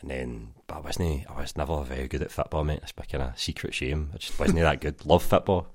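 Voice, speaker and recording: A Scottish man in his thirties with an extremely deep voice. He chats loosely as a guest, drifting through stories with plenty of fillers. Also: steady tone, a little fast. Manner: rambling anecdotes full of fillers and "mate". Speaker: podcast guest. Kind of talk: casual chat.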